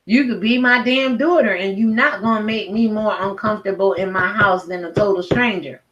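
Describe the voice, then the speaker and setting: A woman's voice: mid-range voice, moderate pace, a bit bright, dull audio. A middle-aged woman ranting at home in a blunt, profane, heated commentary video. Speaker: commentary vlogger. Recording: roomy echo.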